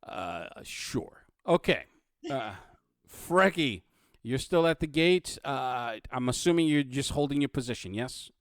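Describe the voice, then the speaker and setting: A man running a tabletop game as game master, narrating in a halting, playful way with many restarts. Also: mid-range voice, lively intonation, dry recording, clean studio sound.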